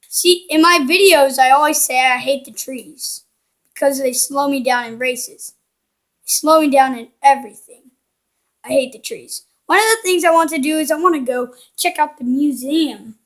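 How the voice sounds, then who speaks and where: A woman's voice: high voice, a bit bright. A woman commenting casually while playing a video game, playful and cheeky, teasing the characters on screen. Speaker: gaming channel host. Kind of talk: casual let's-play commentary.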